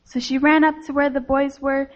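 High-voiced woman telling a children's sermon. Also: little pitch movement, moderate pace, highs cut off. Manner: gentle storyteller addressing children.

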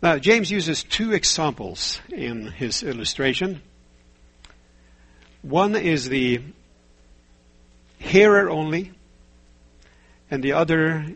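A man delivers a sermon in a steady, measured way, often pausing to ask rhetorical questions and tell stories. His voice sits a little high and has a husky edge. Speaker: preacher.

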